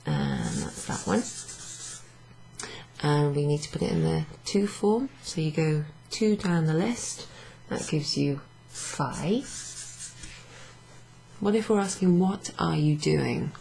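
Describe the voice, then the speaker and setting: Low, gravelly tired woman teaching. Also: sing-song, takes it slowly, warm tone, slight background noise, low-quality recording. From Wales. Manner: explains patiently, writes on a board. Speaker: Italian language teacher. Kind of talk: casual classroom lesson.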